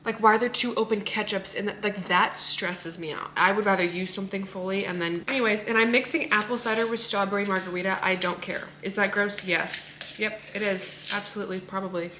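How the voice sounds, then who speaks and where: A woman's voice: mid-range voice, steady tone, fairly quick, hardly any pauses, sharp tone, a little hiss or hum. A young woman and fitness coach chatting casually to her phone camera in a vlog, bubbly and swearing now and then. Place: home, then car and gym.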